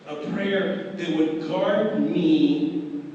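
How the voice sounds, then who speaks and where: A man's voice: fairly high pitch, extremely slow, dark tone, highs cut off, a little hiss or hum. A man delivering a sermon as a pastor, acting out dialogue with wry humor and dramatic swings in delivery. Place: large convention hall. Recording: echoey hall, distant mic.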